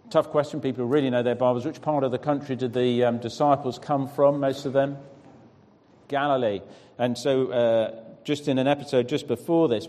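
A man's voice: medium pitch, a little mellow. A preacher reading scripture aloud, then teaching by putting questions to his listeners and praising their answers. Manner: questioning the audience, encouraging. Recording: long reverb of a large hall.

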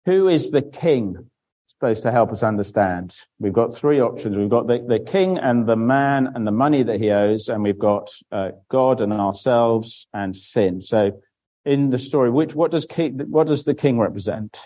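A man's voice: medium pitch, normal speed, dark tone, poor audio. A man giving a children's Bible talk in church, explaining simply and asking questions that he then answers himself. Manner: draws on a board while speaking, with frequent restarts.

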